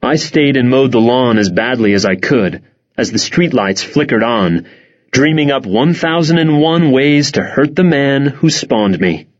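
A man narrates a first-person audiobook, wry and expressive. His pitch moves a lot, with lively rises and falls. The recording is dull and lo-fi. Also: measured pace.

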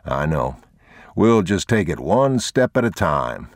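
A weary, protective father of few words, terse and steady, speaking in short reassuring phrases, as a man voices him. The voice is very low and close to the mic, in a dry sound with no room echo. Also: takes it slowly, heavily acted. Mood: quietly steady. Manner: short, clipped, reassuring replies.

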